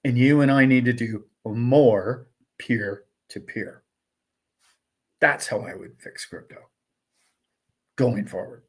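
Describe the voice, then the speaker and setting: A man's voice: mid-range voice, takes it slowly, pauses often, husky. A man hosting a casual livestream, talking emphatically in a ranting way and firing off rhetorical questions. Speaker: livestream host.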